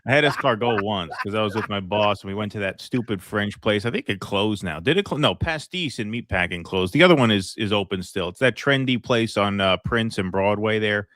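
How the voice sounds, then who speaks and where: A man's voice: fairly low pitch, fairly quick, few pauses, a bit bright, no room sound. A man co-hosting a casual chat, blunt and swearing, often restarting his sentences. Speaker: podcast co-host.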